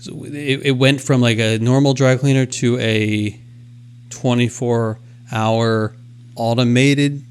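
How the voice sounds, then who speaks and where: A man's voice: medium pitch, steady tone, slow, clean tone. A man co-hosting a podcast, telling a story with lots of fillers and mimicked machine sounds. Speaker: podcast co-host. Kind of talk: casual chat.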